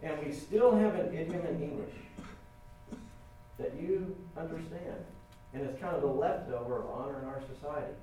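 A middle-aged man preaching a sermon in a conversational, animated way, acting out quotes with humor. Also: fairly high pitch, moderate pace, recorded from a distance, a little hiss or hum. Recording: roomy echo from off-mic, faint ambience.

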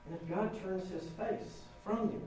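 A middle-aged man preaching a sermon in a conversational, animated way, acting out quotes with humor. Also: high-pitched, a little slow, far from the mic, a little hiss or hum. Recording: roomy echo from off-mic, faint ambience.

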